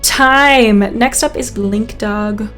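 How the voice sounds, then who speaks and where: A woman's voice: fairly high pitch, slow pace, a bit bright, soft background music. A woman narrating as game master, describing the action vividly with frequent ums and self-corrections.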